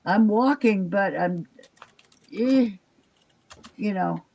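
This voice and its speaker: Brief: older woman, exhausted, rambling casual chatter, mid-pitch voice. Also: very slow, creaky, dark tone, rough recording. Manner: rambling, chatty, trails off with fillers. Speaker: live stream chat participant. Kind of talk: casual chat.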